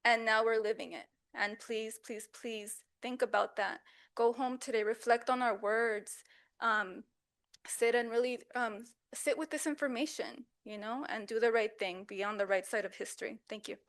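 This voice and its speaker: A woman's voice: on the high side, fairly even intonation, moderate pace, a bit bright. A woman from Southeast Los Angeles giving an emotional public comment at a council meeting, earnest and pleading, with frequent ums. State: emotional, voice wavering at times.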